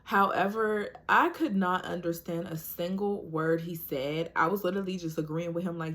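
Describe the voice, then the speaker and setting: A woman's voice: lowish voice, moderate pace, few pauses. A woman vlogger telling a personal story to camera in a chatty, casual way, full of "like" and "you know," talking straight to her viewers.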